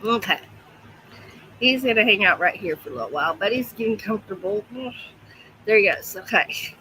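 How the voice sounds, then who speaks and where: A woman's voice: medium pitch, lively intonation, moderate pace, sharp tone, a little hiss or hum, poor audio. A woman hosting a casual livestream from home, chatting to her pets and reading out viewer comments. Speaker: livestream host.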